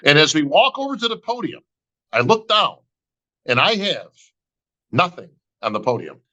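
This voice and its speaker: A man's voice: on the high side, sing-song, moderate pace, sharp tone, highs cut off. A middle-aged man, a bodybuilding emcee, telling a long story on a podcast and acting out both sides of the talk. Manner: acts out both sides of conversations, says "bro" and "right?" constantly.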